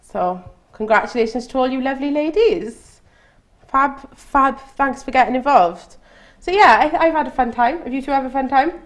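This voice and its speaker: A woman hosting a casual live beauty chat show, chatty and quick to laugh, with many restarts. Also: high-pitched, lively intonation. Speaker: host.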